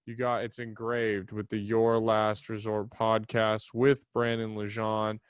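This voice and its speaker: A man's voice: on the low side, monotone, measured pace, smooth, no echo. A young man hosting his podcast alone, chatting loosely and rambling, with casual swearing. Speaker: podcast host. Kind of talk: casual solo podcast chat. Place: small home studio. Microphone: desk mic in front of a camera.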